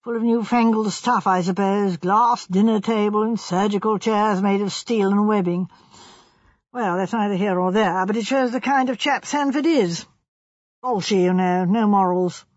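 A reader voicing a gruff, opinionated chief constable in an audiobook, with a clipped manner. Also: medium pitch, moderate pace, dry recording, dull audio, natural voice. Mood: disdainful. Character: blustering Tory male chief constable. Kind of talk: audiobook character voice.

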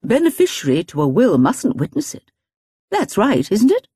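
A woman voicing a blunt, eccentric elderly spinster in an audiobook, with a brisk, imperious manner. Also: mid-range voice, wildly swooping pitch, warm tone, breathy edge, dry recording, clean studio sound, pitched above the performer's own voice. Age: older. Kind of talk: audiobook character voice.

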